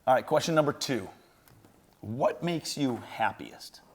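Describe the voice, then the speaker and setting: A man in his thirties chats with his daughter as a guest on his podcast, keeping the interview loose, friendly, and peppered with fillers. His voice is mid-range and expressive, at a measured pace, with slight background noise behind it.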